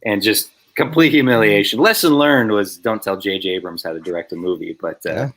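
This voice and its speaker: A man's voice: fairly low pitch, a little fast. A man, a filmmaker guest on a podcast, telling a funny story in a casual way and acting out the voices of the people in it. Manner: animated storyteller, acts out voices.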